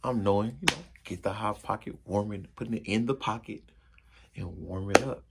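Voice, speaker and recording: A man telling a funny personal story to his viewers in a casual, slangy way, acting out the crashes and his own yells. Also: lowish voice, moderate pace, vocal fry, heavy background noise. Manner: animated, acts out yells and crashes.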